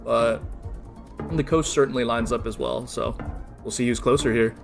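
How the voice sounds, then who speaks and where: A man's voice: medium pitch, fairly even intonation, moderate pace, vocal fry, faint music behind. A man giving tentative game analysis, thinking aloud with hesitations. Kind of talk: game commentary.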